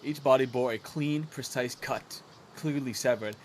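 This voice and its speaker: A man's voice: medium pitch, normal speed, lightly acted. A man voicing an earnest, diligent young male assistant in a formal, precise manner, reading game dialogue over game music. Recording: game music playing behind.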